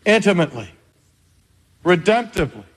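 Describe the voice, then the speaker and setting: An older man preaching a sermon in a measured, emphatic way with dramatic pauses. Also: high-pitched, sing-song. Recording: reverberant hall.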